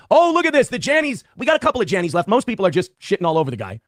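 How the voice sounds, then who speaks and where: High, lively man with sarcastic delivery. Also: very fast, hardly any pauses, dry recording, clean studio sound. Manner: sarcastic, mocking mimicry. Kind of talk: commentary in a played clip.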